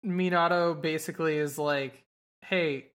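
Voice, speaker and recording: A woman's voice: low-pitched, fairly even intonation, unhurried. A woman casually recapping a show's episode on a podcast, swearing freely and quoting characters as she goes. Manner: swears casually, acts out quoted lines in passing. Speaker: podcast co-host recapping an anime. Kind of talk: casual chat, recapping scenes.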